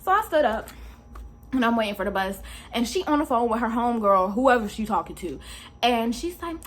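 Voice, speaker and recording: A young adult woman telling a storytime vlog in an animated, slangy, exclamatory way. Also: fairly high pitch, a little fast. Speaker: vlogger.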